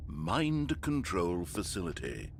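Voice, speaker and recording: A man's voice: low-pitched, wildly swooping pitch, takes it slowly, gravelly, slight background noise, heavily acted. A man playing a wry, all-knowing storyteller narrator in a video game, with a dry, mock-dramatic delivery. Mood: narrating. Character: wry omniscient adult male storyteller narrator.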